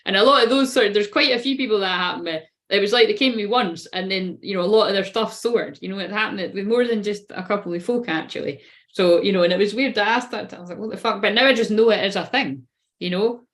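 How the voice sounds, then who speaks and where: A woman's voice: mid-range voice, quick pace, a bit bright. A woman giving a casual tarot reading, talking in a chatty, rambling way, swearing constantly and laughing at herself. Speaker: tarot reader.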